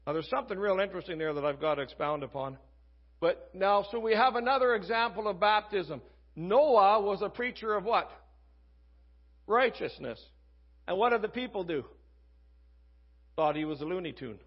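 A man's voice: sits high, lively intonation, moderate pace, long pauses, breathy edge, dull audio. A man preaching a casual, conversational sermon, reading scripture and acting out quoted voices.

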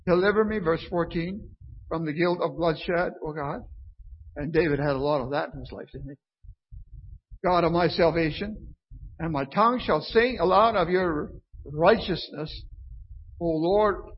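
Slow, husky high-voiced male preacher. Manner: conversational, often asks "right?" of the listeners. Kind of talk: informal sermon with scripture reading. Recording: dull lo-fi recording.

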